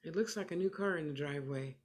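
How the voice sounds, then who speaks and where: Animated sassy woman giving livestream readings. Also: sits low, fast. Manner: animated, emphatic, sassy and motherly; repeats phrases for emphasis. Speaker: clairvoyant medium.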